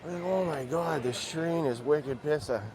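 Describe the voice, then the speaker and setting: A man putting on a joking Boston accent, playing an excited local guy who keeps saying "freaking", outdoors with crowd noise behind him. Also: on the high side, measured pace, voice pushed up, lightly acted. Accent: Boston (put on). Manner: joking, calls people "guy", says "freaking" a lot. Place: outdoors in a busy theme park.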